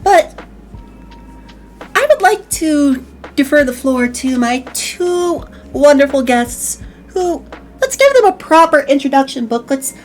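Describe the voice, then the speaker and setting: A young woman hosts a casual online talk show with high, bouncy pitch that swoops all over. She is animated and jokey. Faint music plays underneath. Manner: animated, jokey, drops into put-on accents. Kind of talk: casual chat on a vtuber stream.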